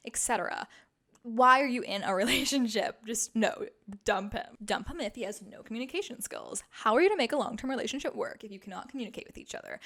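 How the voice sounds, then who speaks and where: A woman's voice: on the high side, a bit bright. Chatty, emphatic young woman podcast host. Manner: chatty, emphatic, frequent "like" fillers. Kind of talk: casual advice monologue.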